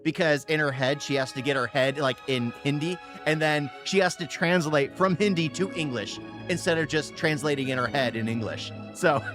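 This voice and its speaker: A man's voice: fairly high pitch, normal speed, few pauses, music in the background. Rambling man reacting casually. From United States. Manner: rambling, repeats phrases for emphasis. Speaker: reaction video host. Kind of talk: casual off-the-cuff reaction commentary.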